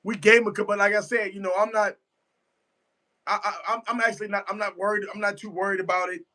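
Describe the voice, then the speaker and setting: A man's voice: high-pitched, fairly even intonation, quick pace, pushed and bright. A man giving a casual live reaction to a football game, emphatic and repetitive, answering his chat as he goes. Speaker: sports fan streamer.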